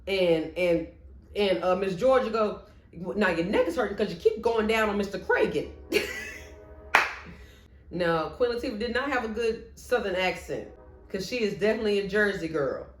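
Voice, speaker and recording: A woman vlogger ranking her favorite movies in casual chat, expressive, with playful asides. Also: lowish voice. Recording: echoey room.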